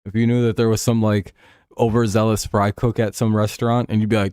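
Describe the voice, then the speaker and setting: A man's voice: fairly low pitch, level tone, a little fast, a little mellow, clear, resonant tone, dry recording, studio quality. A young man hosting a casual livestream while watching football, joking, swearing and laughing often. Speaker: livestream host. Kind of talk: casual livestream chat over a football game.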